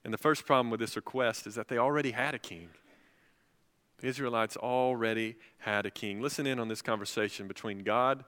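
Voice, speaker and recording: Male pastor, sermon delivery, bright and resonant tone, passionate rising emphasis, hall reverb. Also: medium pitch, a little fast, clean tone. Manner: preaching with swells of emphasis, building to loud passionate peaks.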